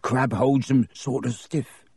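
A man's voice: mid-range voice, fairly even intonation, slow pace, creaky, darkish tone, slightly rough, dry recording, studio quality, exaggerated voice. A man voicing a casual, offhand teenage schoolboy in a storybook reading.

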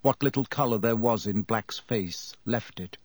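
Husky, unhurried audiobook narrator, male. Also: fairly low pitch, dry recording. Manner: measured, expressive storytelling.

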